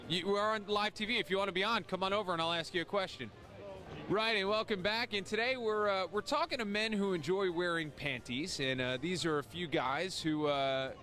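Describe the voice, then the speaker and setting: A man's voice: sits high, pushed and bright. A man working as a TV reporter on a live outdoor segment, talking in a brash, teasing way to passersby.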